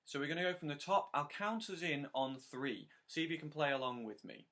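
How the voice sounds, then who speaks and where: Bright-voiced man teaching harmonica. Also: a little high. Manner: counts in and sings lines slowly; encouraging, patient. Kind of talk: step-by-step music lesson.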